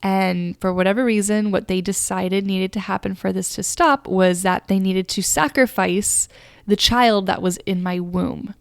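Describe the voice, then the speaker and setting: A woman's voice: mid-range voice, fairly even intonation, measured pace, vocal fry, clear, resonant tone, no echo, studio quality. A young woman hosting a podcast, telling a personal story in a rambling, earnest way, full of fillers. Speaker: podcast host. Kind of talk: casual storytelling monologue.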